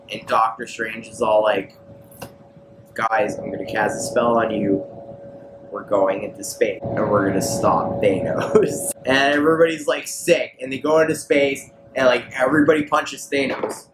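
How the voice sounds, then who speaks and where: A man on a podcast, slightly drunk, retelling a comic plot in loose slang and quick character voices. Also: medium pitch. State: tipsy. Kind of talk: drunk rambling recap. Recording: roomy echo, clear background noise.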